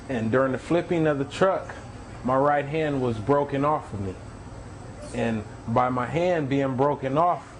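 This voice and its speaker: A man's voice: medium pitch, slight background noise, low-quality recording. A man earnestly telling his personal testimony, repeating phrases and acting out the voices of the people in his story. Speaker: testimony speaker.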